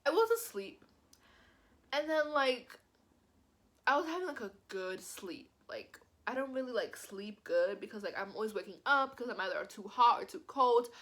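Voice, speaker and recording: A young woman vlogger telling a personal story in a casual, animated way, filling her speech with "like". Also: a little high, moderate pace. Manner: animated, says "like" constantly. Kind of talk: storytime vlog.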